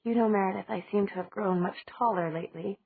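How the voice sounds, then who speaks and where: Teasing young heroine, smug and breathy, read by a woman, over a dry, tinny line. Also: medium pitch, quick pace, no room sound. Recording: dry, tinny phone-like audio.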